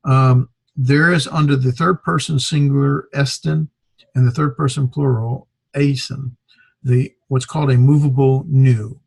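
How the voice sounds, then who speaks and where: A man lecturing a beginner Greek class, his voice a little husky and recorded close and dry. He talks in a loose, halting way, full of fillers and restarts, and corrects himself as he goes. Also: medium pitch, fairly even intonation, dry recording. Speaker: Greek teacher.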